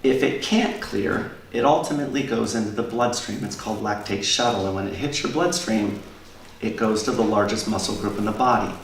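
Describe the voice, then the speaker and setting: A man, an endurance coach, explaining his training ideas in an interview in a measured way, often repeating a word as he starts a sentence. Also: on the low side, far from the mic. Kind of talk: interview answer. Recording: roomy sound from off-mic with faint noise.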